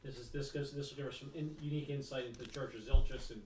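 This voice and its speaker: A man's voice: medium pitch, fairly even intonation, quick pace, mellow, far from the mic, slight background noise. A man playing a tabletop game, brash and wisecracking, speaking in character. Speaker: player. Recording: roomy, from off-mic.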